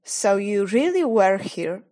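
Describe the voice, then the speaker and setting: A woman's voice: medium pitch, sing-song, slow, mellow. A woman reading aloud and voicing an eager, good-natured eldest brother who exclaims heartily. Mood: earnest.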